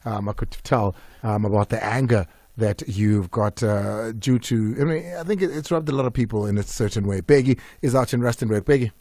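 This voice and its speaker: A man hosting a sports talk radio show, measured and engaged with callers. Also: lowish voice, a little mellow, no room sound. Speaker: radio host.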